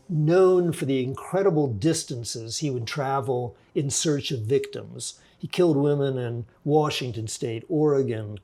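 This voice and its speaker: A man in his sixties, an author and forensic psychologist, telling a story in a measured, reflective way with frequent restarts during a podcast interview. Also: medium pitch, darkish tone.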